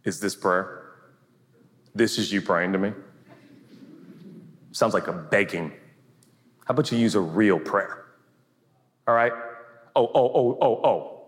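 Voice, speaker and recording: A man's voice: low-pitched, takes it slowly, long pauses, fairly bright tone, in a large hall, pitched below the performer's own voice. A man voicing God as a stern, disapproving judge who mocks a believer's prayers. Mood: scornful. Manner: sneering, mocking.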